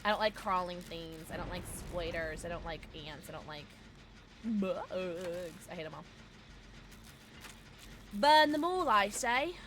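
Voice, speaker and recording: A woman streaming a game and chatting casually with her viewers, playful and excitable. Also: on the low side, normal speed, slight background noise. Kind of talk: casual gameplay streaming, reading chat.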